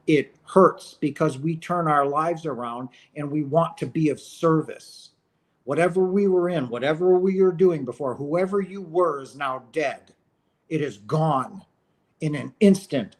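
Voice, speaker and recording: Impassioned man ranting to his viewers. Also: fairly high pitch. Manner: impassioned, ranting, repeats phrases. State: emotional. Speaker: channel host. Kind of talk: emotional monologue to camera.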